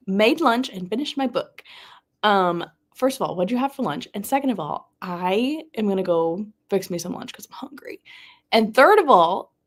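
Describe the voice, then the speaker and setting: A woman's voice: medium pitch, animated, measured pace. Bubbly Southern woman chatting live. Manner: bubbly and chatty, answers her chat. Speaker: booktuber hosting a live reading sprint. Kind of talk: casual livestream chat.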